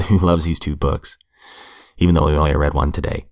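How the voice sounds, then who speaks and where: A hoarse man hosting a podcast, reading passages aloud and reflecting on them in an earnest, conversational way. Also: extremely low pitch, steady tone, normal speed, no room sound, clean studio sound. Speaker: podcast host reading recovery literature. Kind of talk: reflective solo podcast commentary.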